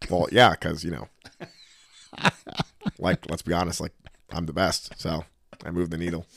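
A man's voice: low-pitched, level tone, moderate pace, creaky, a bit bright. A man co-hosting a casual podcast, brash and joking, swearing freely. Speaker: podcast co-host.

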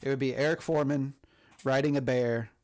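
A man's voice: medium pitch, fairly even intonation, brisk, darkish tone. A man co-hosting a casual podcast chat, laid-back, laughing and adding jokes.

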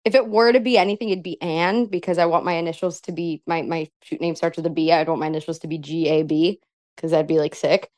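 A woman's voice: low voice, fairly even intonation, fast talker, a little mellow, no echo. A young woman being interviewed, chatting casually, laughing often and filling her talk with "like". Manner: giggly, lots of "like" fillers. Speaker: pro wrestler guest.

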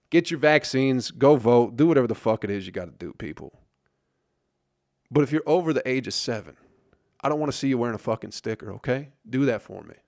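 A man's voice: medium pitch, no room sound. Grumpy man ranting, heavy swearing. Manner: grumpy, profane, sarcastic ranting. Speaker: podcast host. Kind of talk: profane solo rant.

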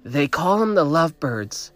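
A man voicing a wary older woman guide who gives hushed, urgent warnings. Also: on the high side, sing-song, a little slow, faint music behind, voice pushed up.

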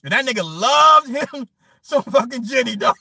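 A man with a high, bright, ringing voice rants to his viewers in a loose, crude, joking way, laughing as he talks. His pitch swings up and down. The sound is dry and close, with no room around it. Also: animated, normal speed, husky, no room sound. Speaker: streamer. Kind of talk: casual rant to viewers.

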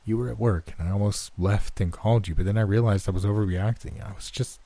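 A man voicing a defiant young woman who shrugs off a haunting, somewhat higher than his own husky voice. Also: fairly even intonation, fast talker, dark tone, no room sound. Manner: defiant, dismissive, turning shaky. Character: defensive young woman, stubborn roommate.

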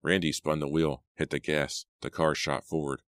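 A man with an exceptionally deep voice narrates a teen horror audiobook at a steady, measured pace. The recording is close and bone dry, with no room around it. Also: no room sound.

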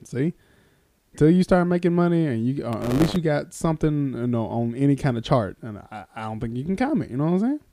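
Talking a little fast in a fairly high voice, this casual podcast host ribs his co-host and laughs a lot. His stories are loosely told, animated, and crowded with filler words.

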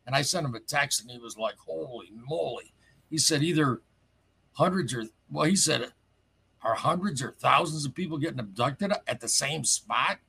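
A man telling a personal story in casual, rambling talk, excitable and full of asides. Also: fairly high pitch, moderate pace, creaky, slight background noise. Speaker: caller telling his story.

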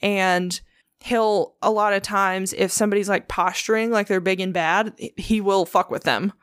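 A woman's voice: mid-range voice, steady tone, moderate pace, clean tone, no echo, studio quality. Profane, rambling woman telling ghost stories. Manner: loose, profane, filler-heavy retelling of ghost stories. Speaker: podcast host. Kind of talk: casual storytelling chat.

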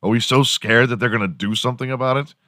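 A man's voice: medium pitch, quick pace, dry recording, studio quality. A man hosting a podcast, ranting casually with lots of swearing and laughter. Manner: profane, animated, laughs often. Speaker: podcast host. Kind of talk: casual comedic rant.

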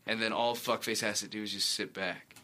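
A man's voice: on the low side, steady tone, brisk, sharp tone. A man, an actor guest, telling stories in a rambling, self-correcting way on a casual talk show. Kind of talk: casual interview chat.

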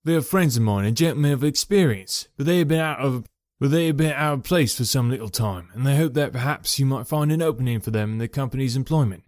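A man voicing an excitable young male clerk in an audiobook, speaking up eagerly. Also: mid-range voice, fast talker, few pauses, no room sound, studio quality, lightly acted. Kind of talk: audiobook character voice.

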